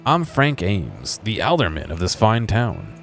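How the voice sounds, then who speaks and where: A man voicing a cheerful, smooth-talking male alderman of a small farming town in a video game, reading the lines in his own plain voice. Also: lowish voice, huge pitch swings, unhurried, soft background music, voice pushed up, exaggerated voice.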